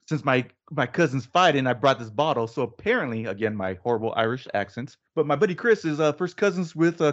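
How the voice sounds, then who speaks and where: Joking male podcast host, lo-fi. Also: mid-range voice. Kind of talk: casual chat.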